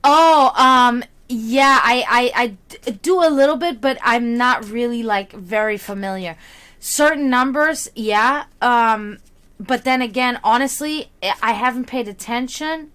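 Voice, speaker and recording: A woman's voice: a little high, unhurried, fairly bright tone, clean tone. A young woman chatting casually with her stream viewers as a psychic reader, laughing often and restarting her sentences.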